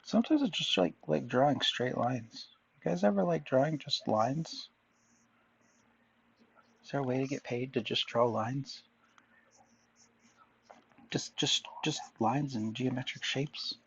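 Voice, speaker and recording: A man's voice: medium pitch, a little slow, gravelly, long pauses, slightly rough, dull audio. A man chatting casually to viewers while drawing, rambling and musing aloud, often answering himself. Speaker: artist vlogger.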